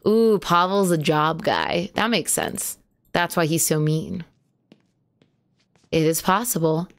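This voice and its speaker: A woman's voice: deep voice, slow pace. A woman streaming a horror game live, chatting to viewers, yelping at jump scares and swearing casually. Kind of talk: live horror gameplay commentary.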